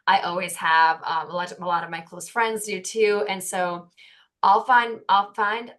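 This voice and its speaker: A woman's voice: on the low side, steady tone, moderate pace, a bit bright. An American woman co-hosting a podcast, rambling and gushing, often correcting herself mid-sentence. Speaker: podcast co-host. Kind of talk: casual interview chat.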